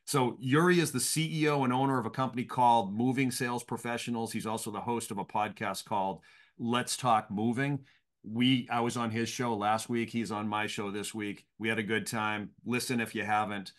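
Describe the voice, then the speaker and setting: A man's voice: medium pitch, steady tone, moderate pace. A man hosting a podcast, opening with an upbeat conversational introduction and interviewing his guest. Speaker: podcast host.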